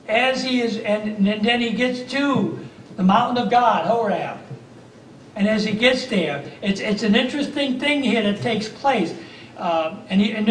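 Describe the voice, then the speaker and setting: A man with a high voice preaches a fervent sermon, circling back on his own phrases as he tells the story. He is picked up from a distance, so his words ring through the echoey church hall, with a faint hum of room noise underneath. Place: church sanctuary.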